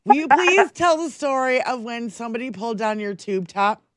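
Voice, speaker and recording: A woman's voice: fairly high pitch, normal speed, dry recording, studio quality. A woman on a casual podcast chat, ranting heatedly and swearing a lot.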